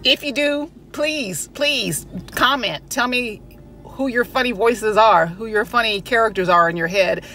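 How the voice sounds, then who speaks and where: A woman's voice: a little high, unhurried, sharp tone. A woman chatting playfully in a casual vlog, often laughing, from her car. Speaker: vlogger. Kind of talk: casual chat.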